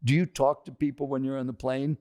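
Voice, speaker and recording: An older man, a podcast guest, telling an animated story and questioning his listeners. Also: medium pitch, brisk.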